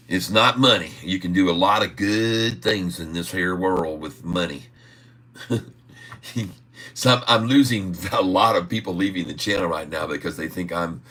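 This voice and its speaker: Laughing man with a bright, low voice. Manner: laughing, self-mocking, loose. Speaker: stock video host. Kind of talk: joking casual chat.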